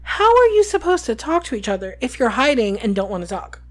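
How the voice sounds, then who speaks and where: A woman's voice: a little high, very animated, brisk. A woman co-hosting a podcast, casually recapping a book chapter with lots of ums. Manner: retells scenes with filler ums and quoted lines. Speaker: podcast co-host.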